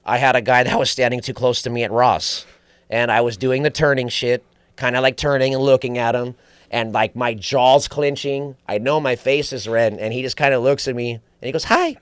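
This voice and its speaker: A man's voice: mid-range voice, steady tone, a little fast, smooth, no echo. A man guest on a podcast, telling stories in casual chat with profanity, acting out quoted voices. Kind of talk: casual storytelling.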